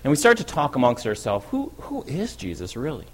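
A man giving a first-person dramatic monologue as the apostle Peter, an impulsive and eager disciple, telling his story in a lively way that speeds up and swells when he gets excited. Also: mid-range voice, a little fast, slightly rough.

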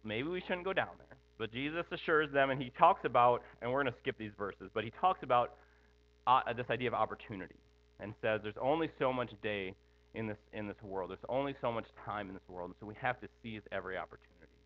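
A man's voice: medium pitch, quick pace. A middle-aged man preaching a sermon in a conversational way, thinking aloud with frequent asides. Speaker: pastor. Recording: tinny phone-like sound with mains hum.

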